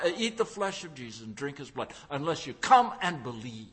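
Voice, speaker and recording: A preacher delivering a sermon in a high, bright voice. He builds emphasis by stacking repeated phrases and swings into acted-out crowd voices. His delivery is emphatic and forceful. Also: big pitch swings, fairly quick, few pauses. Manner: acts out crowd voices in quotes.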